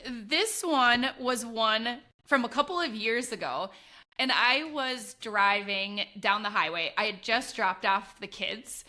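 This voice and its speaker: Podcast co-host woman, bright and a little high, animated storyteller who laughs a lot. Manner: animated, laughs often, acts out her own past voice. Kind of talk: casual chat, storytelling.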